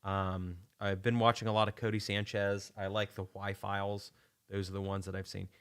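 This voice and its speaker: A man's voice: fairly low pitch, little pitch movement, normal speed, a bit bright, clean tone. A man hosting a casual livestream, talking in a rambling, enthusiastic way with many restarts. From United States. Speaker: channel host.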